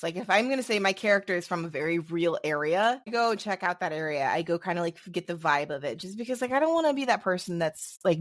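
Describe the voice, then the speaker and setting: A woman co-hosting a podcast in casual chat, animated and self-deprecating. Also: fairly low pitch, dry recording, clean studio sound. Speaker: podcast co-host.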